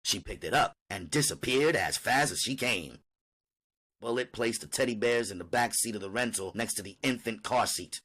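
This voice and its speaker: Man reading an audiobook with lively pitch. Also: normal speed. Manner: first-person narration, animated. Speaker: audiobook narrator.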